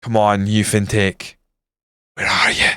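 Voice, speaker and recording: A man's voice: on the low side, completely flat delivery, measured pace, sharp tone, clean tone, no echo, clean studio sound. A young man streaming a football management game, grumbling and swearing casually as he comments on his matches. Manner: frustrated, grumbling, swears often.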